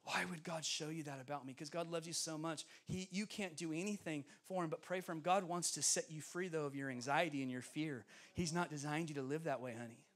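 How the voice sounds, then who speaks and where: A young man preaching from a church stage, his voice high and bright. He tells stories with bursts of laughter and plays the voices of the people in them. Both delivery and tone stay animated throughout. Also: fairly quick, hardly any pauses. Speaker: guest preacher. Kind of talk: sermon storytelling. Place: church sanctuary.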